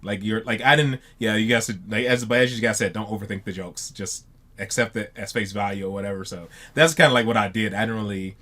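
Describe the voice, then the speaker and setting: A man with a fairly low voice chats casually to his viewers as a reaction host. He rambles, stumbles over repeated words and keeps saying "man". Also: fast, fairly bright tone.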